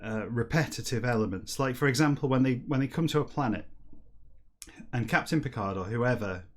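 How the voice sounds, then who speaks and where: A man hosting a comedy stream, rambling wryly between stretches of reading a book backwards aloud. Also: mid-range voice. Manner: chatty, rambling and wry, breaking into silly slow-read dialogue. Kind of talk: livestreamed comedic reading and chat.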